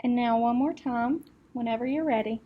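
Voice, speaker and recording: A woman acting as speech clinician, giving calm step-by-step test instructions with occasional fillers. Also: a little high, normal speed, slightly rough, muffled recording.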